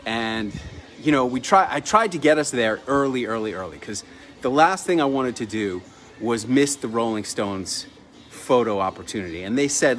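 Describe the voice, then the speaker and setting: Storyteller, male, middle pitch, chatty and animated, light music underneath. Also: normal speed. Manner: chatty, lively anecdotal delivery with laughs. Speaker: entrepreneur telling a personal story. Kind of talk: casual storytelling.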